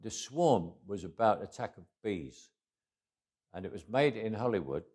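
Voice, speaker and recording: An older man with a Cockney accent talks through memories in an interview. His voice sits low, and he often chuckles and trails off quietly. He restarts phrases as he goes. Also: expressive, measured pace. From England. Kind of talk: reflective interview storytelling.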